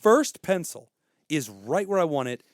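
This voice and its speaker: A man's voice: on the high side, sing-song, unhurried, dry recording, studio quality. Profane, ranting man telling a story. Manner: profane, ranting, acts out quoted people. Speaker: podcast co-host. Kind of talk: casual chat, animated storytelling.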